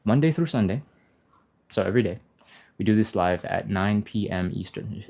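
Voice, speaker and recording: A man hosting a live stretching class, explaining each step casually, answering chat and laughing often, sometimes yelping in a high panicky voice to act out fear. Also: a little fast, vocal fry, a little mellow. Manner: acts out panicky inner voices in a high yelp. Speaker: stretching instructor, live stream host. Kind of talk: live-streamed workout instruction, reading chat.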